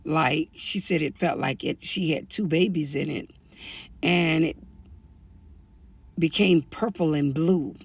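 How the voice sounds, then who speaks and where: An older woman with a deep, slightly rough voice speaks slowly and pauses often as she shares a family story as personal testimony. She is earnest and pleading, warning other women.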